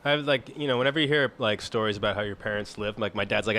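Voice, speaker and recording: A man with a bright, forceful edge to his voice talks on a casual comedy podcast. He is blunt and a little crude, wandering through his points with plenty of filler words. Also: fairly low pitch, very fast. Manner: blunt, profane, rambling with many "like"s.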